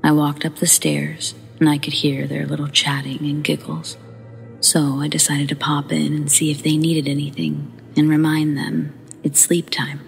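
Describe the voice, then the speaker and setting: Woman narrator, low voice, gravelly fry, hushed whispers, faint music underneath. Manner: hushed, breathy whispering at tense moments. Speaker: horror story narrator. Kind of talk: scripted narration.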